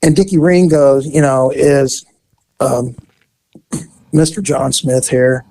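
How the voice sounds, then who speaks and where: A man and former police officer, telling a story in a casual, animated way and acting out the voices in it. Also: mid-range voice, takes it slowly, vocal fry, no room sound. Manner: animated, acts out voices in his stories.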